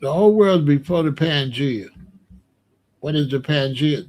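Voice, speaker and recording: Middle-aged man, fairly high voice, blunt profane rant, dismissive and repetitive. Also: lively intonation, measured pace, a little mellow. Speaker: commentator reacting to comments. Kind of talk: casual ranting commentary.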